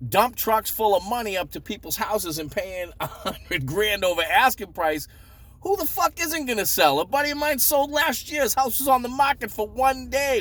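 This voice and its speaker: A man with a Boston accent telling a story in a profane, sarcastic, animated rant. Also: high voice, normal speed. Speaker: vlogger. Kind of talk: ranting story time.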